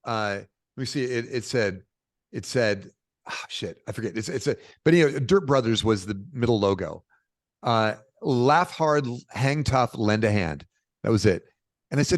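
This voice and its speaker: A middle-aged man from Portland, Oregon, telling stories as a podcast guest in a lively, informal way. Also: mid-range voice, normal speed, no echo. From Portland, Oregon, USA. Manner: animated, informal, peppered with "dude" and "bro". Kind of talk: casual conversational storytelling.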